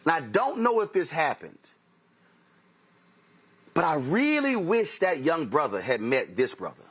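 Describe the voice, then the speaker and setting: A man's voice: on the high side, very animated, unhurried, fairly bright tone, breathy edge. A man hosting a talk show, telling a story in a preachy way and acting out the conversations he quotes. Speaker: host.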